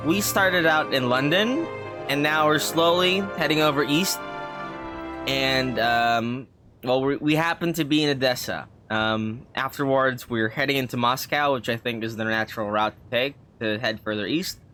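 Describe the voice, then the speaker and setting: A man's voice: mid-range voice, normal speed, music in the background. A man streaming a game, chatting casually and rambling with lots of fillers. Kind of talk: casual gameplay commentary.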